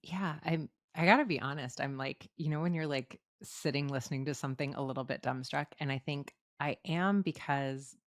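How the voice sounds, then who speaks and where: A woman's voice: low voice, moderate pace, hardly any pauses, no room sound, studio quality. A woman co-hosting a podcast, speaking thoughtfully and reflectively. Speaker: podcast co-host. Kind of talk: casual conversation.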